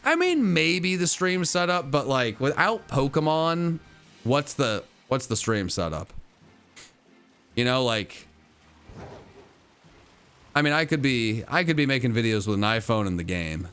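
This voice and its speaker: A man's voice: mid-range voice, sing-song, unhurried, pauses often, fairly bright tone, clean tone, faint music behind. A man streaming a video game, playful and theatrical, talking to his chat. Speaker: gaming streamer. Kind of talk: live stream commentary and chat reading.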